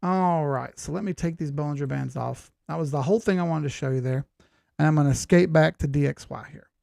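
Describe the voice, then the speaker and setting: A man's voice: a little high, a little fast, vocal fry, darkish tone, no echo, clean studio sound. A man in his forties hosting a crypto chart analysis show in a folksy, rambling, jokey way. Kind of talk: casual chart analysis talk.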